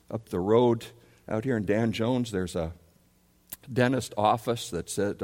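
A man preaching a sermon as pastor, emphatic, repeating key words and swinging between loud and soft. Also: lowish voice. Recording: long reverb of a large hall.

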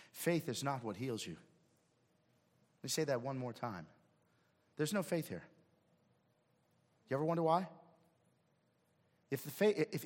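A man preaching a sermon as pastor, swinging from hushed asides to shouted emphasis. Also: mid-range voice, breathy edge, big-room sound. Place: church sanctuary.

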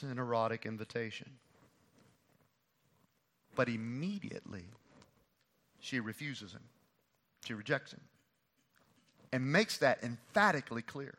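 Male pastor, sermon, bright tense voice, emphatic, repeats phrases, hushed to loud. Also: mid-range voice. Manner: swings between hushed and loud.

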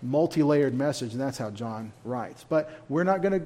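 A man's voice: medium pitch, animated, normal speed, dark tone. A man leading a church Bible study in a folksy, conversational way, with humorous asides.

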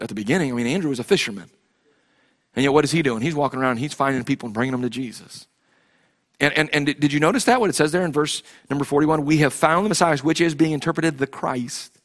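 A man preaching a sermon as pastor, impassioned and full of rhetorical questions, often restarting his sentences. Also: fairly high pitch.

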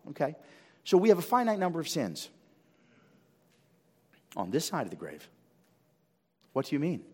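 A male pastor preaching a sermon with animated swings of pitch and volume, often repeating words as he builds. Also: normal speed, long pauses, husky. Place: church sanctuary. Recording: long reverb of a church hall.

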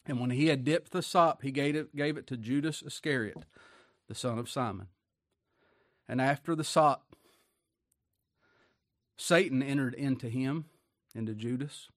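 A man's voice: medium pitch, unhurried, pauses often, dry recording, clean studio sound. A man preaching a sermon in a folksy, colloquial way, often tagging rhetorical questions onto his points.

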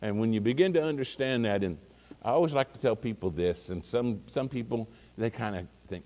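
A man's voice: medium pitch, lively intonation, normal speed, darkish tone. A man preaching, telling a rambling folksy story with many fillers and restarts. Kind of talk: casual sermon anecdote. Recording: long hall reverb.

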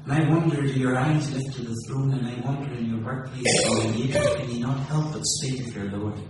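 A man preaching a sermon with passion, swinging from loud exclamation to low, slow emphasis. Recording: echoey room from far off with noise.

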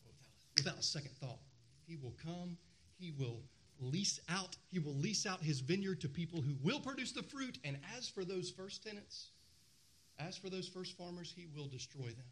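A male pastor delivers a sermon in an emphatic, searching way, repeating key phrases for weight. His voice sits a bit higher than most men's. He keeps turning to the congregation with questions. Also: animated, moderate pace, a bit bright, slight background noise.

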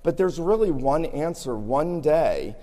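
A man's voice: on the high side, expressive, unhurried, warm tone. Preaching man in a reverberant hall. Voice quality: scratchy voice. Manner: earnest, building to emphatic peaks. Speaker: pastor. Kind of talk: sermon. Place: church sanctuary.

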